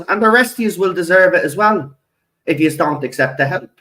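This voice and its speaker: A man's voice: sits high, expressive, brisk, pushed and bright, rough recording. An Irish man with a channel, delivering an angry, profane rant to camera and tagging "right?" onto his lines. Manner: heavy swearing, repeats "right?". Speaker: video channel host. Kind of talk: angry ranting monologue.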